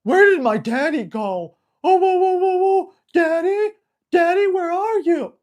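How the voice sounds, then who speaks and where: A man voicing an excitable young male puppy, squealing curious questions in a much higher voice. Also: a little slow. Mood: panicked.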